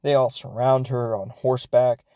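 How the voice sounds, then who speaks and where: A podcast host recaps a film in a warm, medium-pitched voice with little pitch movement, at a moderate pace, in a dry recording. He rambles casually, leaning on fillers and laughing as he goes.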